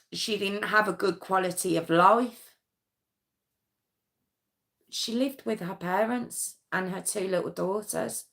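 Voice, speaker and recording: A woman's voice: on the low side, a bit bright. A woman hosting a true crime stream, giving indignant, skeptical commentary and reading out court statements with her own asides. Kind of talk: casual opinionated commentary.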